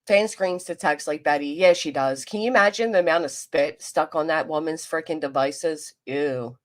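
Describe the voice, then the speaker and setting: A woman's voice: lowish voice, animated, normal speed. A woman with a South Jersey accent near Philadelphia, giving blunt, profane live-stream commentary and answering her chat. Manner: reads and answers chat aloud.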